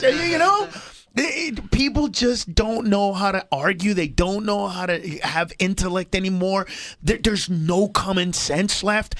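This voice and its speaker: A male comedian, a guest on a morning radio show, talking in an excitable, animated way and laughing as he goes. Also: sits high, normal speed. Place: radio studio.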